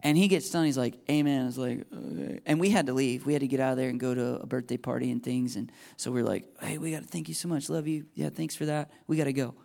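A young adult man preaching, telling a personal story in an animated way and jumping into high, excited voices when he quotes his own thoughts. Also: fast talker, vocal fry, hardly any pauses. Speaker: pastor. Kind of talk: sermon testimony.

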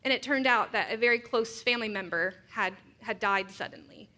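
Woman preaching, bright highish voice, earnest reflective sermon with personal stories. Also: fairly quick.

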